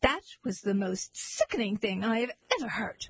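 A woman's voice: animated, normal speed, breathy edge, rough recording. A woman voicing a vain, self-pitying queen in a storybook reading, in a whiny, strained voice. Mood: indignant. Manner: whiny, sobbing, high and strained. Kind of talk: storybook character voice.

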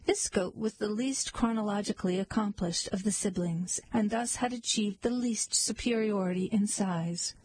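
Woman narrator, fairy tale, mock-earnest, breathy, close dry sound. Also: medium pitch, moderate pace, hardly any pauses, a little mellow, no echo, poor audio. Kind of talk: storybook narration.

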